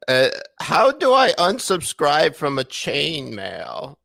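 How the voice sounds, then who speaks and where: A man's voice: a little high, wildly swooping pitch, slow pace, gravelly, sharp tone, pitched above the performer's own voice, exaggerated voice. A man voicing a confused older politician in a whiny, nasal, grandmotherly voice. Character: confused old politician, fretful and slow.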